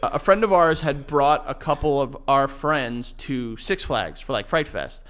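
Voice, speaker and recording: A man in his thirties co-hosting a podcast, telling animated stories and acting out the quotes between bursts of laughter. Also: medium pitch, unhurried, smooth. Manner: animated, laughing storyteller who voices quotes. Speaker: podcast co-host. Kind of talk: animated storytelling chat.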